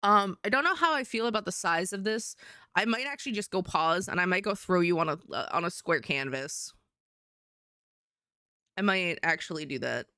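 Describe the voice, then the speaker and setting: A woman streamer rambling and joking about herself as she works on a drawing. Her voice is smooth and clear. It is recorded close on a desk mic with a dry sound. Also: on the low side, lively intonation, moderate pace, pushed and bright, no room sound. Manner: rambling, chatty, self-mocking. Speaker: streamer and artist. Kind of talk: casual chat while drawing on stream.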